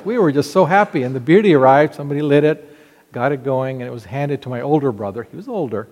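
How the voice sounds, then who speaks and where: A middle-aged man preaching a sermon, reading scripture slowly and telling a childhood story in an earnest way. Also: medium pitch, lively intonation, darkish tone, big-room sound. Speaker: pastor.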